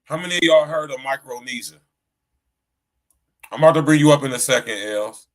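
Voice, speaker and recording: A man's voice: medium pitch, fairly quick. A middle-aged man hosting a podcast livestream in a casual, slangy chat style, often saying "you know what I'm saying.". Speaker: podcast host.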